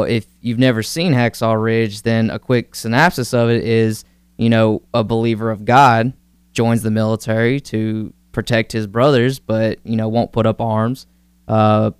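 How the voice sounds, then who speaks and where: A man in a casual faith-based discussion, retelling a story in a rambling, animated way. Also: fairly low pitch, smooth, no echo.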